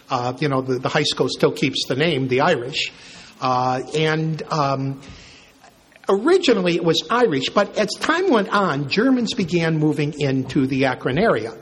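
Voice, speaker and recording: Husky older priest telling stories. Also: male voice, on the high side, a bit bright. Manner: conversational, anecdotal, with chuckles. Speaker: priest and church historian. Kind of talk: informal history talk.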